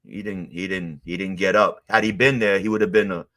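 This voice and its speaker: A man from Queens, telling stories in a casual interview, animated and acting out the quotes of others. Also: deep voice, a little fast. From Queens, New York. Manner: animated, acts out quotes, swears. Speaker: guest, former mob associate.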